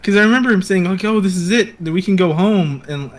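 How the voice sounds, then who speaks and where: A man guesting on a casual TV review podcast, talking in a relaxed, rambling way with many fillers. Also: high voice. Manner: relaxed, drawn-out, many likes and uhs.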